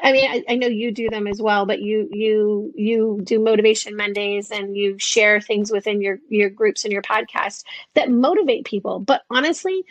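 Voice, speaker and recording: A woman in her fifties chatting as a guest in an interview, animated and acting out the voices she quotes. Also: a little high, no room sound. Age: 50s. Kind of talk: casual interview chat.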